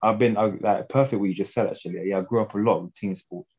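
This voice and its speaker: A man's voice: lowish voice, fairly even intonation, fast talker, a little mellow, slightly rough, highs cut off. A young English man talking as a guest fighter in a casual interview, laid-back and slangy, often laughing.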